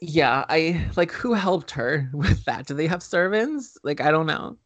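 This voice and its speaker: A man's voice: a little high, expressive, measured pace, fairly bright tone. A man co-hosting a podcast who recaps a film in casual chat, joking and swearing, with lots of fillers. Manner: profane, joking, filler-heavy storytelling.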